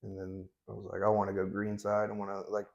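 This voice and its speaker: Fairly low and monotone, this fast-talking man in his thirties has vocal fry and a slightly mellow sound, with the highs cut off. He's a laid-back, blunt interview guest telling stories and swearing heavily.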